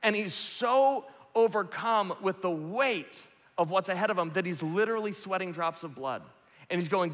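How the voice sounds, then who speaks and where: Male pastor, sermon delivery, passionate with big dynamic swings, slightly high voice, long hall reverb. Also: animated, normal speed. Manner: impassioned, swinging from loud peaks to hushed lows.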